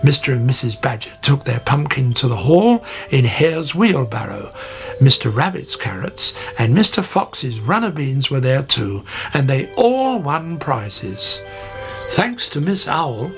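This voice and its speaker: A man reading a children's story aloud in a lively storytelling way. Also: mid-range voice, measured pace, creaky, faint music behind.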